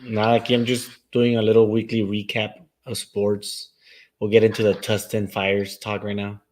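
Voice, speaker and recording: A young man hosting a relaxed sports chat show, talking in a loose, rambling way. He drifts between English and Spanish mid-sentence. His voice sits on the lower side. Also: moderate pace, a little hiss or hum, rough recording. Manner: mixes Spanish into English, laid-back and rambling. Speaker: talk show host.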